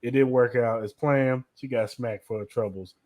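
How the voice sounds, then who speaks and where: A man's voice: mid-range voice, fairly even intonation, normal speed, darkish tone. A young man co-hosting a podcast, giving blunt, slangy opinions in casual chat. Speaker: podcast co-host.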